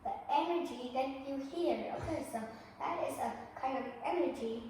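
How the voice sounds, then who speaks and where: A woman teacher talks her class through a lesson at an unhurried pace, pausing to ask "okay?" and "right?" after nearly every phrase. Her voice sits a little high and comes from a distance in a very echoey room. Steady noise hums under the recording. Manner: slow, repeats "okay?" and "right?" often, non-native grammar.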